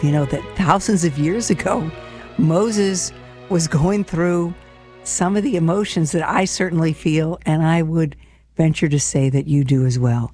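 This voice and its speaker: A woman's voice: sits low, moderate pace, mellow, soft background music. A woman hosting a devotional show, reflecting on scripture in an earnest, personal, conversational way and calling her listeners friends.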